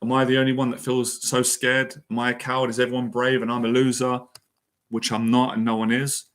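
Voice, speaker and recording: A man's voice: medium pitch, monotone, fairly quick, fairly bright tone. A man giving a motivational talk as an anxiety and confidence mentor, earnest and emotional, repeating phrases for emphasis. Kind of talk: motivational monologue.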